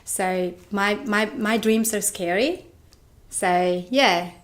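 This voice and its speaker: A woman's voice: medium pitch, slow pace. A young woman from Georgia, an actress answering interview questions eagerly in simple phrases, often adding "you know".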